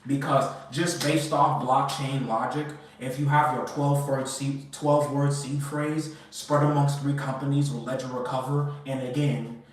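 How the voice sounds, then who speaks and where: A man's voice: medium pitch, little pitch movement, measured pace, far from the mic, a little hiss or hum. A man ranting casually and emphatically, swearing often and repeating himself as he rambles. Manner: profane, emphatic, repetitive, rambling. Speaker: crypto commentator. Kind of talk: casual rant. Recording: echoey room, away from the mic.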